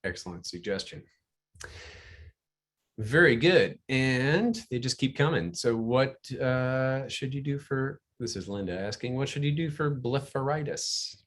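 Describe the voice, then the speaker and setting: A man's voice: mid-range voice, expressive, a little slow. A man co-hosting a video call, reading out viewer questions in an upbeat, friendly way. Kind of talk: casual moderating on a video call.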